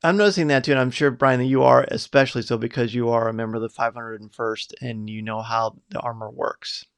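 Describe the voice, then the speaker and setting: A man's voice: medium pitch, steady tone, brisk, smooth. A man hosting a live podcast, reading out viewers' picks in an upbeat, chatty way. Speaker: podcast host.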